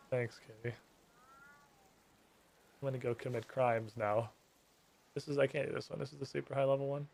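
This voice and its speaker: A man's voice: mid-range voice, completely flat delivery, moderate pace, gravelly, pauses often, darkish tone. A man streaming a game and chatting casually, swearing and making fun of himself as he plays. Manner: swearing, self-deprecating, chatty. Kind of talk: casual gameplay commentary.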